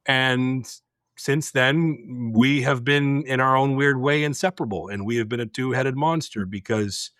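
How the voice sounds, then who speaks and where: A man's voice: medium pitch, a little slow, fairly bright tone, no room sound, studio quality. A middle-aged man hosting a podcast, telling a story in a blunt, intense, direct way and acting out the dialogue. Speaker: podcast host. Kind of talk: casual storytelling chat.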